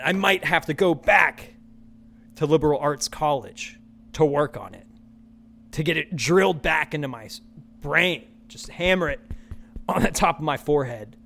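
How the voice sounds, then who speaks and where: A male podcast host rants through his solo show, swearing freely and hammering his points by repeating them. His voice sits a bit higher than most men's. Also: moderate pace, a bit bright. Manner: ranting, profane, repeats his punchlines.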